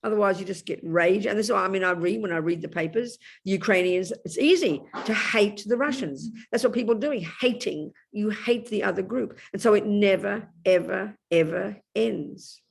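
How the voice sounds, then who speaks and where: Emphatic Buddhist nun teaching over a call. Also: female voice, mid-range voice, a little fast, creaky, few pauses, slightly rough. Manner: emphatic, intimate, calls listeners darling. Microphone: video call.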